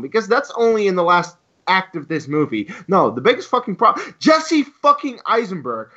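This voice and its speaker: A man ranting hotly, high and animated. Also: a little fast. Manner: heated, profane, animated ranting. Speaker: podcast co-host. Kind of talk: ranting podcast chat. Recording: lo-fi dull sound.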